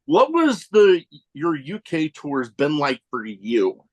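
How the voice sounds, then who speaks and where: Lively-pitched male podcast host. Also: slow. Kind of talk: casual interview chat.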